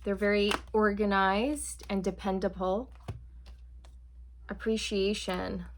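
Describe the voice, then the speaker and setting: A woman's voice: medium pitch, fairly even intonation, slow pace, slight background noise. Earnest woman doing a tarot reading. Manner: earnest, reassuring, says "okay" and "you guys" often. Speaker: tarot reader. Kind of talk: channeled tarot reading to viewers.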